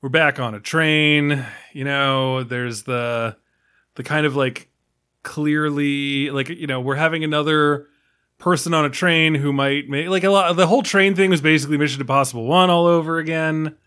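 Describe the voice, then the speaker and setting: A man's voice: on the high side, fairly even intonation, moderate pace, a bit bright, clean tone. A tired man hosting a casual film podcast, rambling with many fillers and restarts. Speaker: podcast host.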